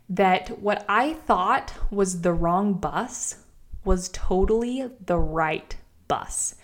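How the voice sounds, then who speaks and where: A young woman hosts her own podcast and tells a personal story in a casual, chatty way. She is animated and full of filler words, and her voice sits at a middle pitch. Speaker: podcast host and marriage coach.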